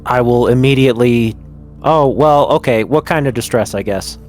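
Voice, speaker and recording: A man's voice: medium pitch, moderate pace, darkish tone, faint music behind. A man taking part as a player in a tabletop role-playing game, chatty and eager, laughing easily. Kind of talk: casual tabletop role-play.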